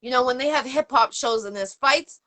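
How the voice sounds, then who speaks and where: At a moderate pace and with a high voice, a Boston-area woman from the USA hosts a casual interview show, rambling upbeatly and filling her talk with shout-outs and fillers.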